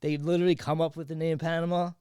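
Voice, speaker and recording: A man co-hosting a podcast, telling a history story in animated, profane, slangy casual chat. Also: on the high side, quick pace, clear, resonant tone, no room sound, studio quality. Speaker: podcast co-host.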